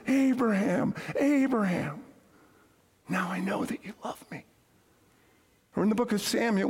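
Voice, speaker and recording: High, husky-voiced pastor preaching. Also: male voice, big-room sound. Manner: storytelling, acts out quotes, drops to hushed tones. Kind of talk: sermon.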